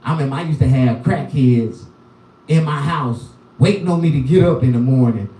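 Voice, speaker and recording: A man's voice: mid-range voice, normal speed, warm tone, recorded from a distance. A man doing loose, rambling stand-up on a live stream, with a profane and repetitive manner. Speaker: comedian. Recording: roomy sound, voice from the mic.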